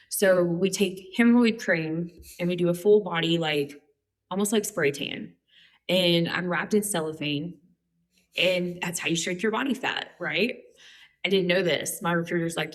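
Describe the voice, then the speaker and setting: A woman's voice: on the low side, normal speed. A woman in her forties telling her life story as a guest, chatty and humorous with lots of fillers. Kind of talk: candid personal storytelling.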